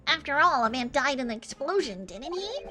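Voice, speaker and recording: A woman voicing an eccentric, excitable male professor, stammering and fussy, while reading a game's dialogue aloud. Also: high-pitched, brisk, over loud music. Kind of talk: voicing a video game aloud on stream.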